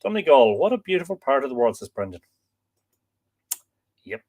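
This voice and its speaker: An Irish man hosting a live stream, reading out viewer comments and chatting in a relaxed, rambling way with lots of fillers. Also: medium pitch, moderate pace. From Ireland. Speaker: host.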